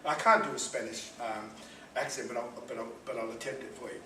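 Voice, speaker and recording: A man's voice: mid-range voice, steady tone, brisk, bright, forceful tone. A man, giving a live inspirational talk with humorous, self-deprecating stories. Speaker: motivational speaker. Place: event room with live audience. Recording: echoey room, distant mic, noisy.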